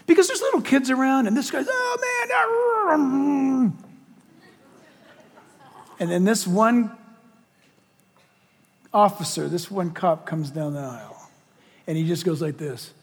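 A man preaching a sermon, telling stories in an animated way and acting out what people said. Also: sits high, moderate pace, long pauses, slightly rough, long reverb tail. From United States. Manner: animated storytelling, acts out quotes. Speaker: pastor.

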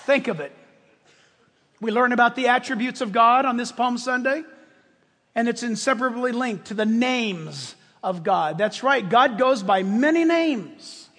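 A man preaching a sermon as pastor, impassioned and emphatic, often rising to shouts in front of his congregation. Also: extremely high pitch, animated, measured pace. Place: church sanctuary with congregation. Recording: long hall reverb.

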